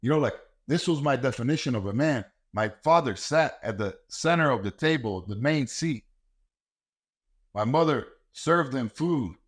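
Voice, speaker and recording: A man's voice: mid-range voice, lively intonation, moderate pace. Blunt, profane man ranting. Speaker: podcast host and martial arts coach. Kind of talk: ranting monologue.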